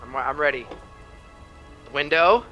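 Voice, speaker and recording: A man's voice: on the high side, animated, takes it slowly, lo-fi sound, faint music behind. A man co-hosting a casual watch-along chat over a video call, joking and exclaiming at the screen. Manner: exclaiming, jokey. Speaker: co-host.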